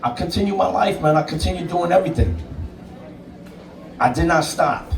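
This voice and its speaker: A man's voice: on the high side, expressive, normal speed, recorded from a distance, a little hiss or hum. A man, a DJ, telling his own story in an interview, blunt and emphatic and swearing freely. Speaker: DJ and interview guest. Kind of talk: candid personal storytelling. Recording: roomy sound, away from the mic.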